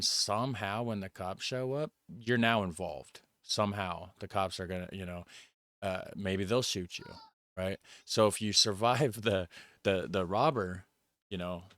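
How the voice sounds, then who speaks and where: An American man hosting a reaction video, talking casually and rambling, often trailing off quietly. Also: fairly low pitch, dry recording, studio quality. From United States. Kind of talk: casual commentary.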